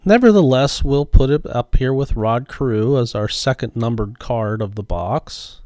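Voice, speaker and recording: A man narrating a pack-opening voice-over in a slow, deliberate commentary. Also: medium pitch, darkish tone, no room sound, clean studio sound. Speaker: card collecting channel host. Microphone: voice-over recorded after the footage.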